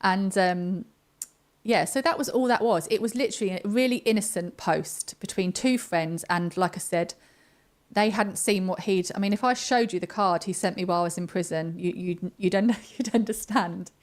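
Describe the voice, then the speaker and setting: A woman's voice: medium pitch, moderate pace. A woman casually recounting events as an interview guest, acting out what people said in quoted voices. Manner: chatty storytelling with quoted voices. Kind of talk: casual spoken recollection.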